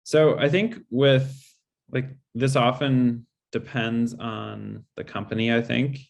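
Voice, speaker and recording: A man speaker answering audience questions in a webinar, measured and explanatory, with frequent fillers. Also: medium pitch, little pitch movement, vocal fry. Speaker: guest speaker.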